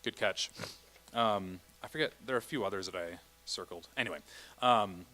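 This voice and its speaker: A man's voice: on the low side, normal speed, bright, forceful tone. Man leading a choir rehearsal. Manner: chatty, sings vowel and Latin examples. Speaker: choir director. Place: church rehearsal room.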